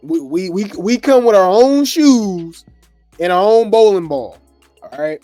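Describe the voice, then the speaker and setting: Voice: medium pitch, expressive, unhurried, warm tone, dry recording. A laid-back gossip host rambles through reality TV commentary, drifting between thoughts with plenty of fillers and easy chuckles. The voice is close and dry, with faint music underneath.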